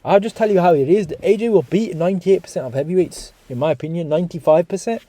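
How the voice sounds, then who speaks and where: Animated swearing man, dark voice. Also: sits high, quick pace. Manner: swearing, animated, talks to viewers as guys. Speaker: boxing YouTuber. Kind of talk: casual reaction commentary.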